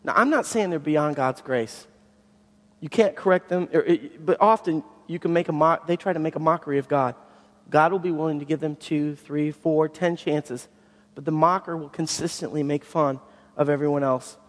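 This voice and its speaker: A preacher man with a fairly high voice delivers his sermon with animation, swinging between loud bursts and near-whispers. His words carry a long reverb tail through a large church hall. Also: moderate pace. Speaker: pastor.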